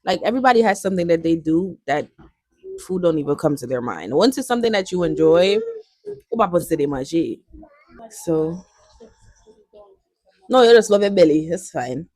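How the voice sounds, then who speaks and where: A woman's voice: lowish voice, expressive, normal speed, long pauses, darkish tone, dry recording, clean studio sound. A woman in her twenties with a Jamaican accent, chatting playfully to her viewers and switching between languages. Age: 20s. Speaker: vlogger. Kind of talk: casual chat.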